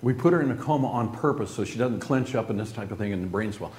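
Man, emotional personal testimony, halting and earnest, lowish voice, faint room hum. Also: lively intonation, darkish tone, reverberant. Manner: earnest, halting, with restarts and throat-clearing. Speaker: speaker telling a personal story to a group.

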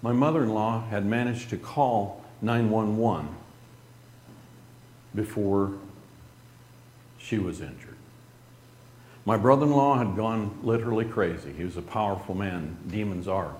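Low-voiced middle-aged man telling his story. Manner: earnest, halting, drops soft at grave moments. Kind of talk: personal testimony storytelling. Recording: roomy echo with faint noise.

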